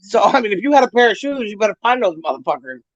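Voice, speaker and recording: A woman's voice: mid-range voice, sing-song, fast, dry recording, dull audio. A woman hosting a casual livestream chat, telling brash, profane stories and often breaking into laughter. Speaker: livestream host.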